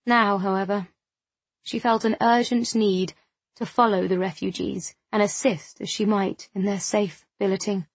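Woman narrator for an audiobook, measured and even, husky tone, dry close sound. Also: medium pitch, no echo.

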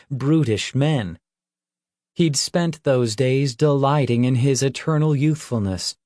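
A man reading a fantasy novel aloud as an audiobook narrator, with measured storytelling. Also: medium pitch, warm tone, no room sound, studio quality. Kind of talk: scripted narration.

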